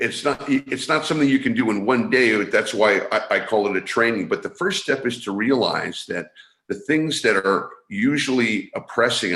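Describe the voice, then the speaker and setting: A man from San Francisco, a guest coach, explaining his ideas in an interview over a video call. He talks in halting bursts, restarting and repeating words. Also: lowish voice, fairly bright tone. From San Francisco, USA. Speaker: guest, energy awareness coach. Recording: echoey room sound.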